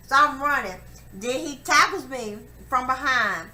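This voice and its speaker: A young woman telling a personal story to camera, profane and emphatic, acting out her quotes loudly. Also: sits high, lively intonation, a little slow. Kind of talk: candid storytelling monologue. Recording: echoey room with faint ambient noise.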